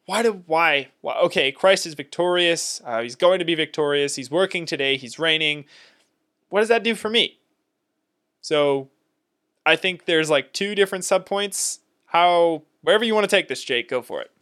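A man co-hosting a casual theological discussion podcast, talking in an emphatic, animated way and laughing often. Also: a little high, normal speed. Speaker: podcast co-host.

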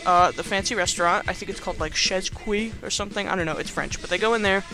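A man's voice: sits high, fast talker, music in the background. A young man hosting a podcast, casually recapping a movie in a rambling, filler-heavy, playfully sarcastic way. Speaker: podcast host.

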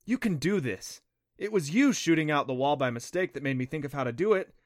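A man's voice: on the high side, animated, fairly quick, no room sound, natural voice. An eager young boy adventurer speaks earnestly and encouragingly, voiced by a man narrating a storybook. His voice sits a little above the narrator's own. The sound is dry and close.

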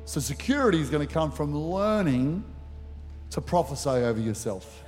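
A man's voice: a little high, sing-song, moderate pace, darkish tone. A middle-aged man preaching a sermon as pastor, telling stories animatedly with acted asides. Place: church auditorium. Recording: church hall reverb with faint music.

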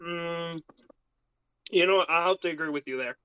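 A man co-hosting a casual podcast, easygoing and quick to laugh, talking while he eats dinner. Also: a little high, sharp tone, smooth, dry recording, highs cut off. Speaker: podcast co-host. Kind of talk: casual chat.

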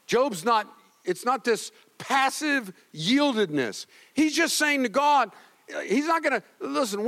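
A male pastor preaching a sermon, moving between loud exhortation and quiet, heavy passages. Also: high-pitched, long reverb tail. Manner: swings from loud exhortation to hushed grief.

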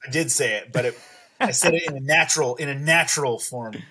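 A man from East Texas, a podcast guest at home, talking in a relaxed, rambling, casual way. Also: medium pitch, a little fast. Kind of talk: casual chat.

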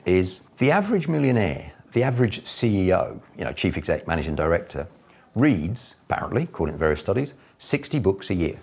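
A man's voice: low-pitched, sing-song, brisk, darkish tone, slightly rough. A man, a business mentor, giving chatty, enthusiastic advice to camera. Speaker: property investor and business mentor.

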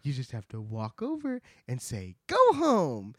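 Man voicing a sunny fairy queen: airy, high, dry close sound. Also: huge pitch swings, measured pace, slightly rough, no room sound, exaggerated voice. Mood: coaxing. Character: sweet young fairy queen, cheerful and kind.

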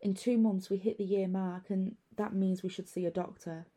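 A woman voicing a calm, reassuring young husband. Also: mid-range voice, normal speed, natural voice. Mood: gentle. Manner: reassuring, easygoing. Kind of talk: storytelling narration.

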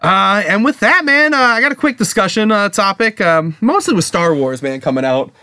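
A man's voice: high voice, lively intonation, normal speed, pushed and bright. A young man co-hosting a podcast, talking in a casual, profane, rambling way. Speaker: podcast co-host.

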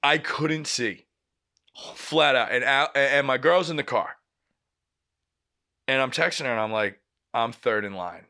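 A young man on a podcast recounts a story in a casual, animated way. His voice is bright and forceful at a middle pitch. He swears freely and keeps acting out what everyone said. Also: unhurried, pauses often. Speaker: podcast host.

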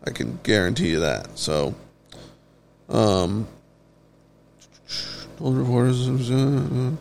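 A man's voice: medium pitch, lively intonation, slow pace, vocal fry, a little mellow, a little hiss or hum. A man giving a casual, blunt ranting monologue, swearing freely and talking offhand as a solo show host. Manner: blunt, heavily profane, offhand.

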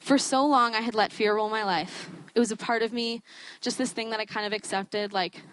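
A woman's voice: medium pitch, fairly even intonation, a little fast, a bit bright, dry recording. A young woman giving a sermon in a chatty, self-deprecating way, often breaking into laughter. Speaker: student preacher.

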